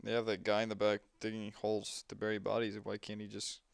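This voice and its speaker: Young man, casual gameplay commentary, rambling chatty talk, crisp clear voice, dry close mic. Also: on the low side, monotone, brisk, dry recording. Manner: chatty, rambling, lots of fillers.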